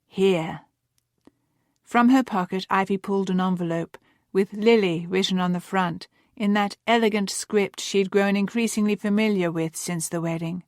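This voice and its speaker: A woman narrating a romance novel as an audiobook, calm and measured. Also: medium pitch, dry recording, studio quality. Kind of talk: scripted narration.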